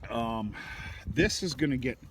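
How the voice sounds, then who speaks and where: A man's voice: mid-range voice, lively intonation, a little slow. A man running a cattle farm, talking through his chores in a casual, rambling, folksy way with the odd curse. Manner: folksy, rambling, with frequent restarts and mild cursing. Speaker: cattle farmer. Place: outdoors in a farm feedlot. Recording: noisy outdoor recording.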